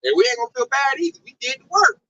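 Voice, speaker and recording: A man teaching from the Bible in an informal, emphatic preaching style, his pitch leaping up and down as he drives his points home. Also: expressive, racing, sharp tone, a little hiss or hum. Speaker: street preacher. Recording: dull lo-fi recording.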